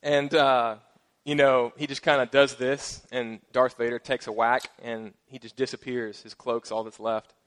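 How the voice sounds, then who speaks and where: A man's voice: medium pitch, measured pace. Casual, joking middle-aged male pastor. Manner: casual, joking asides, lively emphasis. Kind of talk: sermon.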